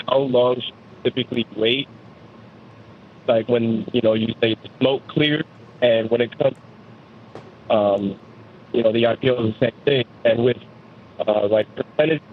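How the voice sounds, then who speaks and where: A man calling in to an investing show, polite and hesitant, with lots of fillers as he asks his question. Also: medium pitch. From United States. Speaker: caller. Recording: tinny phone line with faint noise.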